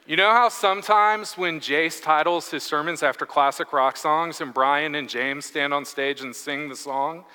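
A man in his thirties preaches in a chatty, self-deprecating way, spinning a funny story for his congregation. His voice sits a little high and rings bright and lively. It carries a long echo through a church hall. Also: normal speed, few pauses, clean tone. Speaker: guest preacher. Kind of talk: humorous sermon storytelling. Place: church sanctuary.

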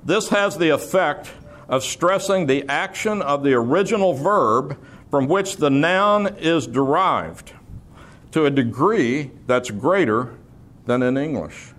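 A man's voice: fairly high pitch, lively intonation, takes it slowly, fairly bright tone. A man preaching an expository sermon, explaining terms patiently, repeating key words and slipping in dry humor. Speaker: preacher teaching scripture.

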